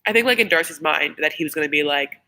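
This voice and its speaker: Chatty woman with a bright, forceful voice. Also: sits low, expressive, quick pace, gravelly, rough recording. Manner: chatty and rambling, swears freely. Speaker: YouTube host doing a live episode reaction. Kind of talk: casual live reaction chat.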